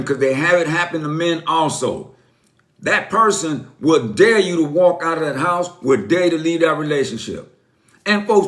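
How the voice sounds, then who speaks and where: A man's voice: fairly high pitch, fairly bright tone. A man hosting a live stream, talking emphatically to his viewers, repeating phrases and calling them "folks" in a preachy way. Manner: preachy, addresses viewers as folks, uses catchphrases. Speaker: host of a live stream on narcissistic abuse.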